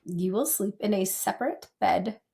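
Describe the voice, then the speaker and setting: A woman co-hosting a podcast in casual chat, talking in quick, animated bursts as she reflects. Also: medium pitch, gravelly. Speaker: podcast co-host.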